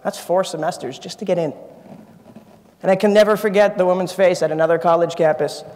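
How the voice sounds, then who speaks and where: Young male keynote speaker, high voice, earnest, lingering hall reverb. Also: fairly even intonation, fairly quick, darkish tone. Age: 20s. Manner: earnest personal storytelling, emphatic repetition. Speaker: keynote speaker, engineering student. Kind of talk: motivational speech. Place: conference auditorium stage. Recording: long reverb of a large hall.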